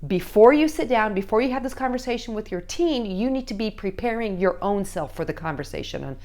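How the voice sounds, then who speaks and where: A woman's voice: medium pitch, animated, normal speed, hardly any pauses, darkish tone. A woman giving parenting advice to camera, coaching with frequent check-ins and acting out quoted voices. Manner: coaching, checks in with repeated "okay?". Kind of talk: direct-to-camera advice talk.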